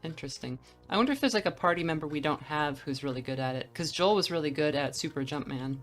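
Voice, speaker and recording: A woman's voice: low voice, expressive, fast talker, soft background music. A young woman casually commenting on her game playthrough, rambling with fillers. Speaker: streamer narrating a playthrough.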